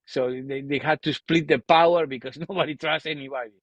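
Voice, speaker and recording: A man's voice: a little high, fairly even intonation, fairly quick, no room sound. A man from Buenos Aires with an Argentine Spanish accent, hosting a casual interview and tagging his points with "isn't it?". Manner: conversational, asks leading questions with "isn't it?". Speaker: podcast host. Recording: dull, dry lo-fi sound.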